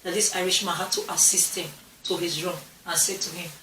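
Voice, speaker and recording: A young adult woman vlogger talks casually to camera for her channel, repeating herself and restarting phrases as she goes. Her voice is on the low side, steady, a little fast, bright and forceful. She's far from the mic, so there's roomy echo along with a little hiss or hum.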